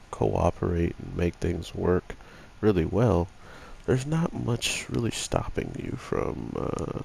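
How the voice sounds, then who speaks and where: A man reviewing an anime episode in a casual, rambling way full of fillers, his voice rough from being sick. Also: low voice, a little mellow, slight background noise.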